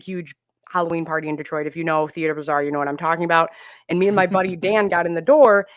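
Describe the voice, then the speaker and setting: A woman guest on a movie podcast, telling stories in an animated, excitable way. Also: on the low side, no room sound, clean studio sound. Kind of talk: casual podcast chat.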